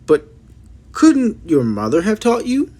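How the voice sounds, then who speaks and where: A man's voice: high voice, wildly swooping pitch, slow, warm tone, pitched above the performer's own voice, heavily acted. A man voicing a polite, curious little girl in a storybook reading. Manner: polite, questioning.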